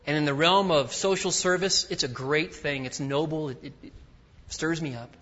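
A man's voice: fairly high pitch, moderate pace. Preaching man in a reverberant hall. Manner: swings from loud emphatic peaks to quiet intimate asides. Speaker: guest preacher. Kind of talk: sermon. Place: large church sanctuary. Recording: dull audio with long hall reverb.

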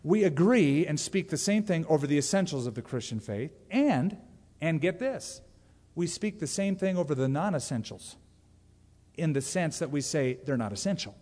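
A man's voice: on the high side, lively intonation, normal speed, darkish tone, long reverb tail. A man preaching a sermon as pastor, emphatic and conversational, with direct asides to the congregation.

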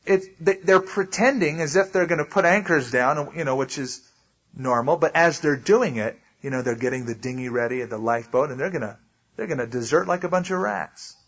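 A male pastor teaches a sermon in a loose, conversational way, stopping often to explain. His voice is a little high and husky. The recording has a dull, lo-fi sound. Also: brisk, fairly bright tone. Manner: conversational, explains with asides and acted quotes. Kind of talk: sermon, verse-by-verse Bible teaching.

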